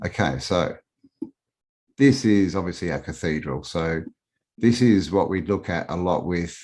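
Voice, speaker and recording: Deep-voiced Australian man, rambling. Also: unhurried, a little mellow. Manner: rambling, hesitant with many fillers. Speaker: guest. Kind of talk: casual live-stream chat.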